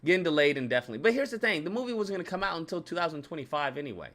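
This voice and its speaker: A man's voice: sits high, fairly bright tone. A young man hosting his channel, ranting with profane, exasperated commentary and mocking voices. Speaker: channel host.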